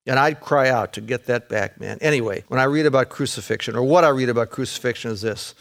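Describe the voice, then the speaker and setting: A man preaching a sermon in a folksy way, peppering his talk with "man" and "folks", swinging between raised excited passages and hushed, intense ones. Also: mid-range voice, quick pace, gravelly. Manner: folksy, says "man" and "folks", repeats words. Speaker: pastor.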